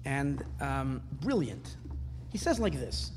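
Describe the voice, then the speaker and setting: A man's voice: mid-range voice, sing-song, takes it slowly, noisy background. A man teaching a Torah class, asking questions and rising into emphatic bursts. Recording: hall reverb with faint ambience.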